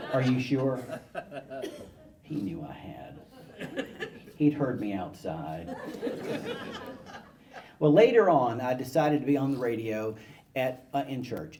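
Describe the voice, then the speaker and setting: A man telling childhood stories to an audience, animated and self-mocking. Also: mid-range voice, noisy background. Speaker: guest speaker. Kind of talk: storytelling talk to an audience. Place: event hall with live audience.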